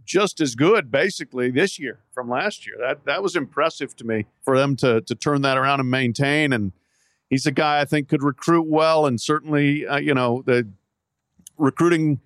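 A man's voice: mid-range voice, normal speed, a bit bright, dry recording. Man, sports columnist, casual podcast chat, restarts and fillers, dry sound. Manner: chatty, many restarts and fillers, laughs easily. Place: outdoor hotel patio.

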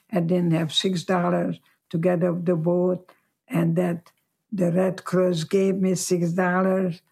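Slow gravelly woman in her nineties. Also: lowish voice, dark tone. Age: 90s. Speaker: guest. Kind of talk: slow reflective storytelling.

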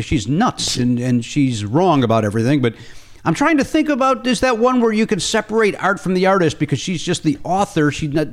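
Lively, animated male podcast host. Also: a little high. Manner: animated storytelling, acts out both sides of a phone call. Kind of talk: casual comedic chat.

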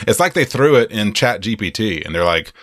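Lively low-voiced man, rambling podcast chat. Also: fairly quick, no room sound, studio quality. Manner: rambling, animated, laughs often, slips into mock voices. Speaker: podcast co-host. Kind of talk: casual film-review podcast chat.

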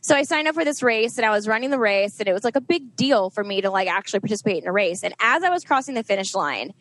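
A woman's voice: medium pitch, animated, quick pace, a bit bright, low-quality recording. A woman in her forties telling a personal story in an interview, emotional and rambling, with many "like" fillers. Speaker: guest, trainer and nutritionist. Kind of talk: candid interview conversation.

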